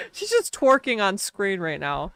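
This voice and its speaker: A woman's voice: mid-range voice, a bit bright, dry recording, clean studio sound. A woman with a Wisconsin accent chatting casually on a live game stream, laughing often and talking to her chat. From Wisconsin, US Midwest.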